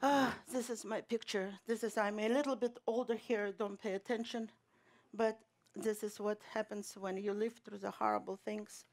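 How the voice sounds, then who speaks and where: A woman acting a middle-aged mother who survived a pogrom, speaking in a halting stage monologue full of restarts and repeated words. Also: medium pitch, lightly acted. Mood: wistful. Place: theater stage.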